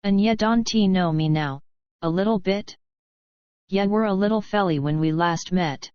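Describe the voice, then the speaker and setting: A woman's voice: medium pitch, unhurried, clean tone, dry recording, lo-fi sound, close to an everyday voice. A woman voicing a bold, scheming Irish-Australian widow, speaking with an Irish brogue mixed with a bush drawl. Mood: wheedling. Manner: mellifluous, brazen.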